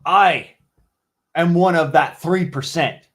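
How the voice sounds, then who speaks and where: Angry high-voiced man ranting. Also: takes it slowly, a bit bright. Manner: heated, swearing constantly. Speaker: vlogger. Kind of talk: angry profane rant.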